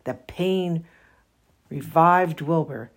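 A woman reading a children's novel aloud in a slow, careful manner. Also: low-pitched. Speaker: reader.

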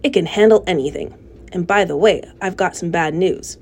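A woman voicing a greedy, overfed male rat with a husky, sneering voice, reading a storybook aloud. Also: lowish voice, moderate pace, a little mellow.

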